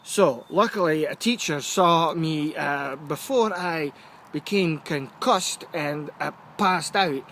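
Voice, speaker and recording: A man with a Scottish accent telling a funny story in a lively, chatty rant, often checking in with the listener. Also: fairly high pitch, takes it slowly, a little hiss or hum. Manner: animated, keeps checking in with "right?".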